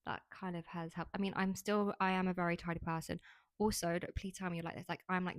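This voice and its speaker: A woman's voice: fairly low pitch, flat delivery, fast, no room sound. A young woman hosting a podcast, talking casually and frankly about herself with lots of "like" fillers. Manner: chatty, frank, heavy use of "like". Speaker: podcast host. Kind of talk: casual monologue.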